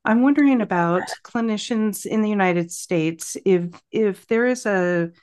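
A woman's voice: medium pitch, unhurried, darkish tone, clean tone. A woman hosting a podcast interview, asking thoughtful, probing questions with some fillers. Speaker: podcast host.

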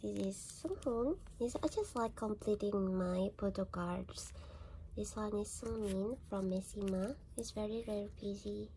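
A woman's voice: medium pitch, a little slow, warm tone, slight background noise. A young woman from Indonesia, gushing and gasping with delight as she chats casually in a fan vlog. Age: young adult. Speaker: vlogger.

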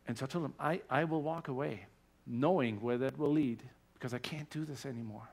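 A man with a German accent giving a personal testimony in a church service, earnest and growing animated as his story builds. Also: mid-range voice, moderate pace, creaky, pauses often. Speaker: guest speaker sharing his testimony.

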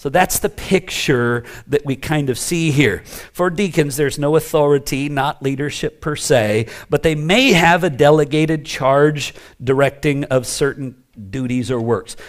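A man preaching a teaching sermon as pastor, talking emphatically in a conversational way and making asides to the congregation. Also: mid-range voice.

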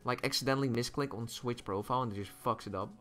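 A young man with a bright, forceful voice talks casually on a live game stream into a close mic. He greets viewers one moment and rants with heavy swearing the next. Soft music plays faintly in the background. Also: medium pitch, fast talker. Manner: frustrated, swearing, ranting.

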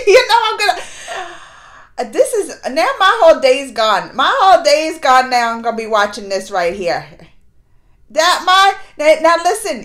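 Woman, very high-pitched, reaction vlogger, gushing, giddy, playful, laughs often, talks to viewers. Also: expressive, moderate pace, fairly bright tone. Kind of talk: fan reaction video.

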